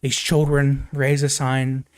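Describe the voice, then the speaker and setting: Speaking slowly in a smooth, monotone voice, a young male film reviewer gives a rambling spoken recap full of fillers and restarts, with occasional laughter and swearing. When he quotes characters his voice shoots up high, and the studio-quality recording has no echo.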